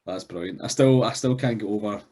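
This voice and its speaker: A man's voice: fairly low pitch, fairly quick, mellow, slight background noise. A Scottish man hosting a podcast, talking in easy casual interview chat. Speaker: podcast host.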